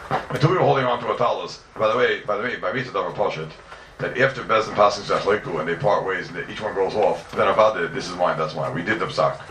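A man's voice: sits low, fast, fairly bright tone, roomy sound, distant mic, a little hiss or hum. A man teaching a class on religious texts, emphatic and full of rhetorical questions.

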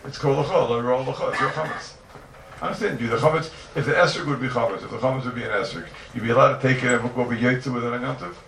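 Gravelly teacher, fast questions, echoey room. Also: male voice, medium pitch. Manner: animated, fires rhetorical questions at students. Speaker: Talmud teacher. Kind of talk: yeshiva-style Talmud class. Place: classroom with students. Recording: roomy, distant mic, noisy ambience.

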